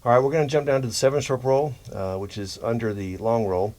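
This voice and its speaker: A man teaching drum rudiments in a relaxed, explanatory way, often checking in with "okay?". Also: mid-range voice, quick pace. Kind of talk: instructional demonstration.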